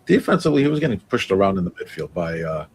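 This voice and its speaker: A man co-hosting a casual sports podcast, explaining his player rating in a quick, offhand way. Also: sits low, sing-song, breathy edge. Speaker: podcast co-host.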